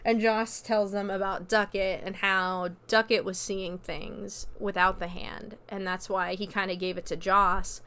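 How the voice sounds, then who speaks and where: A woman's voice: mid-range voice, little pitch movement, measured pace, few pauses, bright, forceful tone, clear, resonant tone. A woman hosting a podcast, casually recapping a horror movie scene by scene in a chatty manner. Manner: chatty, loose with fillers and quoted dialogue. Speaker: podcast host.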